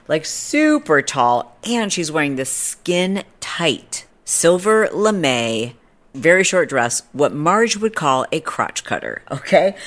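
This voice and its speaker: A woman's voice: low voice, fairly bright tone. A woman hosting a podcast, telling a story in a chatty, snarky way with lots of "like". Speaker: podcast host. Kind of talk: casual storytelling chat.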